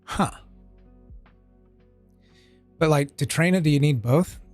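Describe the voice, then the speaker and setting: A man on a live stream reads a technical tutorial aloud, now and then stopping to swear or make a wry side remark. His voice sits a little high for a man. The sound is dry and close, with faint music playing underneath. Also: takes it slowly, a little mellow, dry recording. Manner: reads text aloud with casual asides and swearing.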